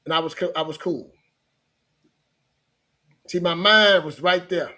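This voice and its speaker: A middle-aged motivational coach from Louisiana, United States, tells his life story loosely and conversationally, repeating himself and restarting. His voice is fairly high-pitched and bright with a forceful tone, at a measured pace.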